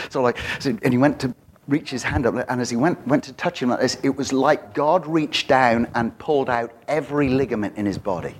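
A man preaching a sermon, telling a story with lively quoted voices and frequent laughter. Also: medium pitch. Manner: animated, jumps into voices for quoted people, laughs often.

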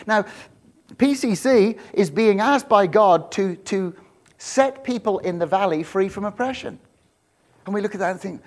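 High-voiced preacher, chatty and emphatic. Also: male voice, moderate pace. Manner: conversational, builds to loud emphatic repetition; jokey asides, laughs with congregation. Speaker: pastor. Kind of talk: sermon.

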